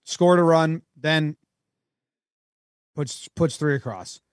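A man co-hosting a podcast, bantering casually about baseball in an animated, jokey way. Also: a little high, takes it slowly, dry recording, clean studio sound. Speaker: podcast co-host. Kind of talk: casual sports chat.

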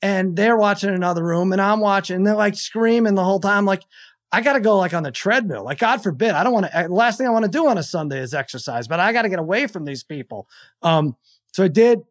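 A man in his forties telling a story in casual chat on a podcast, acting out his family's shouts. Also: high-pitched, quick pace. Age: 40s. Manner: animated storyteller who acts out family members' shouts. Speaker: podcast guest.

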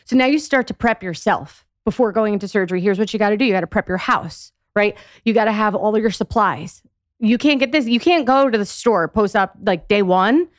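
A woman in her forties speaks as a podcast interview guest, walking through advice step by step with firm emphasis. Her voice sits at a middle pitch. The sound is dry and close. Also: fairly quick, dry recording. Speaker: physical therapist guest.

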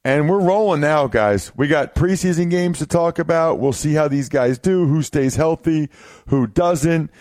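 A man's voice: on the high side, measured pace, a little mellow, dry recording. A man hosting a fantasy football podcast, upbeat and exclamatory as he wraps up the show in casual chat. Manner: hyped, exclamatory, playful. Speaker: podcast host.

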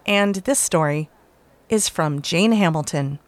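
Low-voiced woman host introducing a storyteller. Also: a little slow. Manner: warm, proud introduction. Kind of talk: stage introduction.

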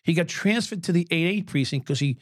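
His voice fairly high and his pace brisk, a man in his sixties who was once a police officer tells candid stories as a podcast guest. He's blunt, swears freely and chuckles while talking, and the studio sound is clean with no echo.

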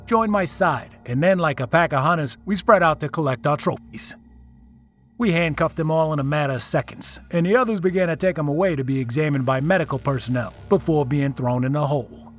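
A man with a slightly high voice reads a scripted first-person horror story, delivering it dramatically and building up the tense moments.

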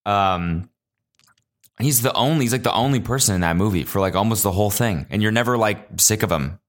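A young man hosting a casual solo podcast, telling animated stories with lots of swearing and high-pitched acted-out quotes. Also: fairly quick. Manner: animated storyteller, swears a lot, jumps high in pitch when acting out quotes. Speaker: podcast host.

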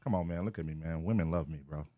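A man's voice: extremely low pitch, quick pace, dark tone. A man co-hosting a casual podcast, laughing a lot and retelling what others said in mock voices. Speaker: podcast co-host. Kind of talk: casual banter.

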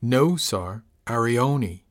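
A man's voice: mid-range voice, moderate pace, close to an everyday voice. A man reading an audiobook, voicing a wary, earnest young male spacer who answers in hesitant, clipped replies. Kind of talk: audiobook character voice.

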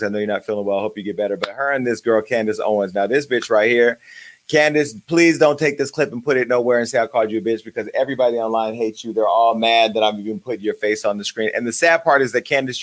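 Foul-mouthed man ranting on his show. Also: on the low side. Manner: profane, loud, swinging from joking to angry. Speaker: show host. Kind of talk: uncensored comedic rant.

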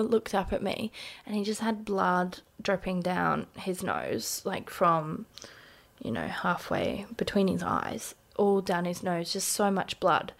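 Gravelly-voiced Australian woman telling a story. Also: medium pitch, a little mellow. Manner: conversational, recounting events with quoted dialogue and frequent "like". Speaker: interview guest. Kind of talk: personal story told in a podcast interview.

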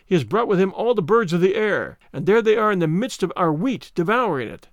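Fretful peasant wife, pleading tone, lively pitch, read by a man. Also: brisk, no room sound, studio quality. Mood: anxious.

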